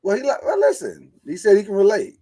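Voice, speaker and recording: A man with a husky, slightly high voice hosts a podcast, joking and animated. His pitch swings widely, and his delivery slips into preacher-like flourishes. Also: quick pace, poor audio. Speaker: podcast host. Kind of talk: casual chat.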